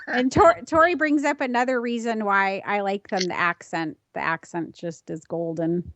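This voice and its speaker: A woman's voice: mid-range voice, normal speed, fairly bright tone, a little hiss or hum. A woman in a casual podcast chat, talking with enthusiasm.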